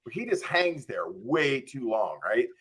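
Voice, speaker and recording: A man guesting on a podcast tells a long anecdote, animatedly acting out his own thoughts and constantly saying "like" and "I'm just like." His mid-range voice is slightly rough and unhurried.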